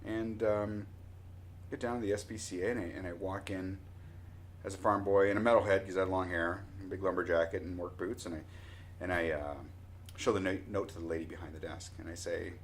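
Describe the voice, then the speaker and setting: A Canadian man in his forties telling a personal anecdote in a casual, animated way, often restarting his sentences. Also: low voice, fairly quick, slight background noise. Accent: Canadian English. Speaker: storyteller.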